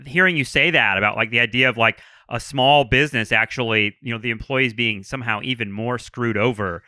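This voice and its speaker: Male podcast host, chatty and halting; bright, crisp timbre. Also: mid-range voice, no echo, studio quality. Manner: animated storytelling, frequent restarts and "like"s. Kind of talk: casual podcast conversation.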